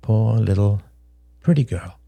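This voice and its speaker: Brief: male reader playing a sharp, candid young woman, quick and wry, lively lilt. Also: on the low side, gravelly, dry recording, heavily acted. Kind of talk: audiobook character voice.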